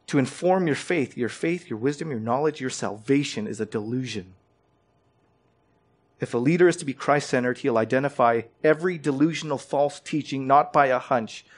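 A man preaching a sermon as pastor. He presses his points with direct questions and rising emphasis, and often repeats words as he starts a phrase. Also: mid-range voice.

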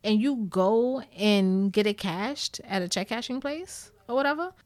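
New York woman vlogger, blunt and profane, dry close sound, mid pitch. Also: expressive, unhurried, darkish tone, no echo. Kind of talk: candid storytime talk to viewers.

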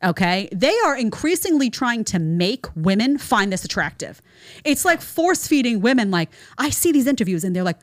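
Animated, incredulous woman host. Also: on the high side, moderate pace, no room sound, clean studio sound. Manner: emphatic, incredulous, sarcastic, addresses audience as honey. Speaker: show host. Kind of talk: reaction commentary.

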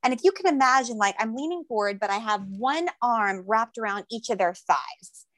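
A young woman telling a story in a casual chat, lively and jokey, acting out the voices she quotes. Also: fairly high pitch, normal speed, no room sound. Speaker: guest telling her birth story.

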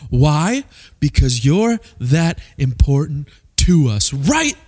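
A young man from Missouri preaching a sermon, animated and peppering the crowd with rhetorical questions. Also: fairly high pitch, slow pace. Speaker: pastor.

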